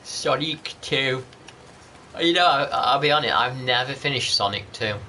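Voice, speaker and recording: A man's voice: medium pitch, unhurried, pushed and bright, slight background noise. A man chatting casually over gameplay as a channel host, rambling and greeting viewers by name.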